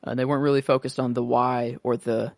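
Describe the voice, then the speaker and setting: A man's voice: medium pitch, little pitch movement, a little fast, no room sound. Rambling casual male podcaster. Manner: rambling, many restarts and fillers. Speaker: podcast co-host. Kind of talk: casual chat.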